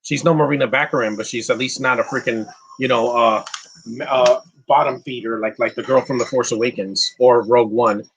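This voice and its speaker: A man's voice: mid-range voice, steady tone, brisk, breathy edge. A man giving casual live commentary on a movie, answering chat questions bluntly with frequent restarts and fillers. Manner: opinionated, blunt, insulting.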